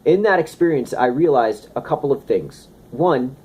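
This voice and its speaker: A man giving a casual, animated talk on health and wellness, slipping into playful asides. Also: mid-range voice, normal speed, slightly rough. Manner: animated, conversational, slips into playful impressions. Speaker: wellness speaker.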